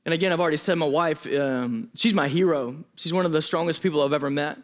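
A man's voice: fairly high pitch, fast talker. A man preaching a sermon as a pastor, earnest and openly emotional, pleading with his listeners and often restarting his sentences.

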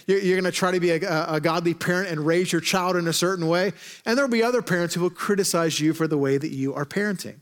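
A man's voice: sits high, fast talker. Joking man preaching a sermon. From Arkansas. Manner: conversational, joking preacher with lively asides. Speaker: pastor.

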